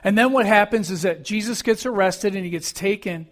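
A man's voice: high voice, brisk, fairly bright tone. A male pastor preaching a sermon and retelling Bible stories in a conversational storytelling manner.

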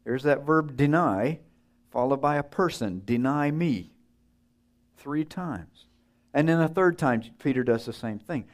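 A male preacher delivering a sermon in an easygoing, conversational voice. He puts questions to his listeners. His pitch sits in the middle range for a man. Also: a little slow. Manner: conversational, asks the audience questions and acts out the story's voices.

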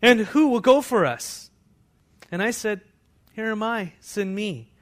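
A pastor preaching a sermon, moving between hushed, intimate passages and loud, fervent scripture readings. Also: male voice, sits high, animated, slow. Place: church.

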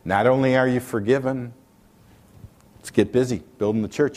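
A man's voice: steady tone, normal speed, long pauses. A man preaching a sermon, reading scripture and driving his points home. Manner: preaching with wide swings in pitch and loudness, reading scripture aloud. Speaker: pastor.

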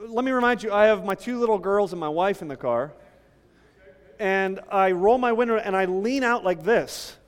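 A man preaching a sermon, conversational and animated, telling stories and teasing the congregation. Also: high-pitched, moderate pace, smooth, big-room sound. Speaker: pastor. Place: church sanctuary.

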